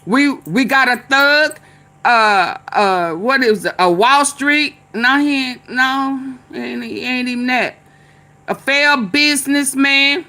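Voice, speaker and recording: Slow-talking bright-voiced woman vlogger. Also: high voice. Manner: chatty, laughing, chanting refrains. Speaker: commentary vlogger. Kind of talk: casual political commentary.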